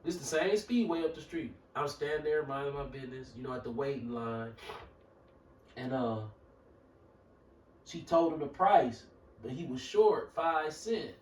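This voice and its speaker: A man with a Milwaukee accent telling a profane, animated story on a casual talk show, acting out the people in it and sometimes shouting. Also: on the high side, a little slow, pauses often. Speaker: show regular. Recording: roomy echo, mic far off.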